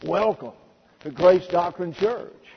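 Guy preaching in church, kinda high voice, slows way down on the bible quotes, dull echoey recording w a bit of hiss. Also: gravelly, husky. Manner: emphatic, slows and stresses scripture quotes. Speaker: pastor. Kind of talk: sermon.

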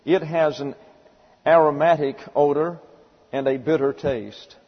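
A man's voice: fairly high pitch, steady tone, measured pace, breathy edge. A man giving a Bible teaching sermon in a folksy storytelling manner, spelling out words as he explains. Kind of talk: sermon lecture. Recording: dull lo-fi recording with long hall reverb.

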